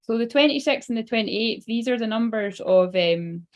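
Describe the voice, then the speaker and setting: A woman's voice: on the high side, expressive, normal speed. A Scottish woman giving a casual live tarot reading, chatty and swearing freely. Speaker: psychic tarot reader.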